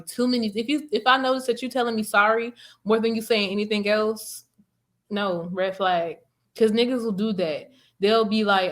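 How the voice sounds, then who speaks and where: A woman co-hosting a podcast in casual chat, blunt and animated, swearing freely as she talks. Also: on the high side, normal speed. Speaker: podcast co-host.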